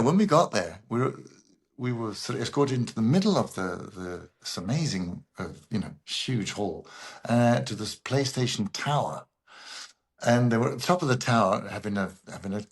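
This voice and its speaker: A man, a guest voice actor, telling animated anecdotes and acting out the people in them. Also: lowish voice, normal speed. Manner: animated raconteur who acts out other people. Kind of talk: anecdotal interview storytelling.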